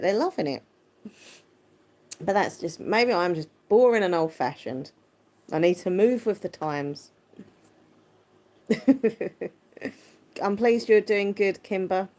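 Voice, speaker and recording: A woman hosting a casual livestream, chatting and answering viewer comments. Her voice is squeaky yet deep, and her manner is chatty and quick to laugh. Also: darkish tone. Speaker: livestream host. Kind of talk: casual live chat, reading viewer comments.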